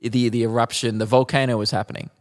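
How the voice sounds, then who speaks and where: A man's voice: mid-range voice, level tone, quick pace, in a large hall. A man co-hosting a podcast, chiming in with dry, wry remarks in casual banter. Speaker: podcast co-host.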